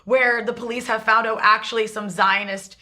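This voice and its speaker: A woman's voice: on the high side, fairly even intonation, normal speed, bright, forceful tone. A woman hosting a political talk show, delivering emphatic commentary in long run-on stretches. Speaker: show host.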